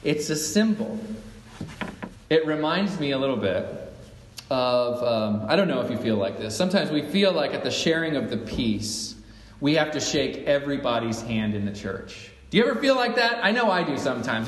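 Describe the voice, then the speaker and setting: A man delivering a sermon in a church sanctuary, his voice a little higher than most men's. He talks conversationally and keeps asking the congregation questions. The sound is echoey, with a long hall reverb and faint background noise. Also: big pitch swings, normal speed, a bit bright. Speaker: pastor. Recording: echoey hall, mic at a distance.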